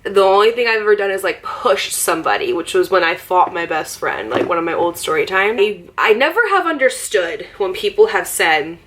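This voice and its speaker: A young woman vlogger telling a story in a casual, animated way, laughing often. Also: mid-range voice, fairly quick, few pauses.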